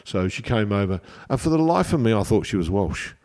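Man, deep voice, rambling anecdotal chat. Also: a little fast. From England. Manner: rambling, anecdotal, animated storytelling. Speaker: chef. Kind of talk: casual chat.

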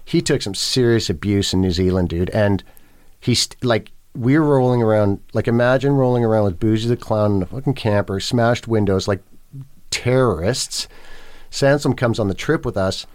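A man's voice: fairly low pitch, normal speed, a little mellow. Rambling, foul-mouthed man in his fifties. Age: 50s. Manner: swearing, rambling, with many fillers and restarts. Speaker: guest. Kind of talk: casual storytelling.

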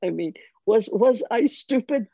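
An older woman telling a personal faith story in conversation, animated and self-mocking, with frequent restarts. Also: fairly high pitch, measured pace, vocal fry, slightly rough, dry recording. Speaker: guest sharing her testimony.

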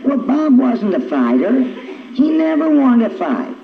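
An older woman tells her story with a swooping, lively delivery, jumping into the voices of old arguments. The sound is an old, dull, lo-fi tape with noise underneath. It echoes in a roomy hall. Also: fairly high pitch, unhurried, vocal fry. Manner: animated, acts out remembered arguments. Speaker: speaker sharing her recovery story. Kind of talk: personal storytelling talk.

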